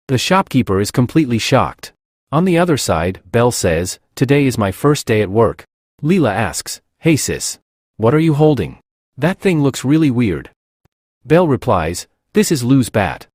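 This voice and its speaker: A man's voice: medium pitch, no room sound, studio quality. A man narrating a comic recap, reading every character's lines in his own voice.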